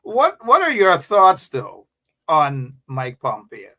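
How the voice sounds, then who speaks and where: A Guyanese man runs a live radio talk show, his voice sitting a little higher than most men's. He hammers his points by saying them again and again, and he calls out to his listeners directly. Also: wildly swooping pitch, slow, sharp tone. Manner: emphatic, repeats phrases, addresses listeners directly.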